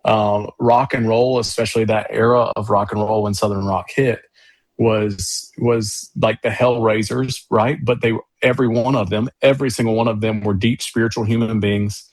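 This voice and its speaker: Low, flat-voiced man telling stories. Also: moderate pace, no room sound. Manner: rambling, enthusiastic storytelling with many fillers. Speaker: musician guest. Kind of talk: casual interview chat.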